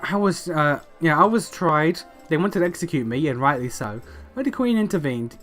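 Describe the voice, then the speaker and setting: A man reading the lines of a weary, guilt-ridden old dwarf knight aloud, with frequent uh fillers and a slightly high voice. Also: expressive, normal speed, fairly bright tone, faint music behind. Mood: grim.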